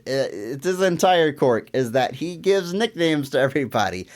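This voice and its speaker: Lively-pitched joking podcast man. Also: a little slow, few pauses. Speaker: podcast co-host. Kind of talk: casual film review chat.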